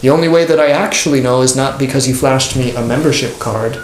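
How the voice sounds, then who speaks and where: A man teaching a church class in a loose, conversational way, with jokes and quick acted-out quotes. His voice has a mid pitch and rings in a reverberant room. A faint hiss sits under it. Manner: conversational, joking, acts out quoted people. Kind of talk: informal catechism class. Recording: echoey room with faint noise.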